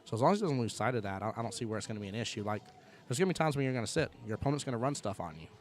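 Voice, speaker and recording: A man's voice: mid-range voice, animated, racing. A man commentating a pool match live, chatty and conversational, often checking in with his co-host. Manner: chatty, fills with "right?" and "like".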